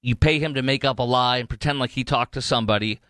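A man's voice: mid-range voice, fast talker, fairly bright tone, no room sound. A man hosting a political talk radio show, rambling animatedly with many fillers and restarts.

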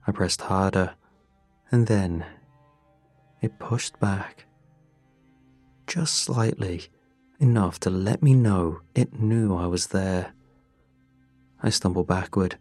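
A man narrating a first-person horror story in a measured, tense way. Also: fairly low pitch, darkish tone, no room sound. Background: faint music.

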